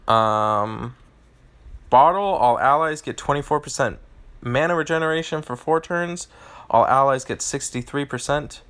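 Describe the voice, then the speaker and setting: A man's voice: mid-range voice, fairly bright tone. A man hosting a live game stream, answering chat and reading out game stats in a rambling way, often restarting his phrases.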